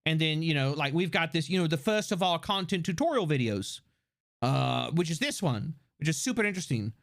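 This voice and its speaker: Animated high-voiced man streaming. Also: fairly quick, gravelly. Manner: animated, profane, rambling. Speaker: livestream host. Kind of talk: casual livestream chat.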